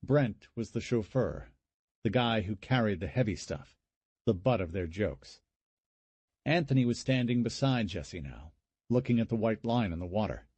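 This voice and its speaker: Guy reading a horror audiobook, low husky voice, steady. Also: normal speed, dry recording. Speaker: audiobook narrator. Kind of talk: scripted narration.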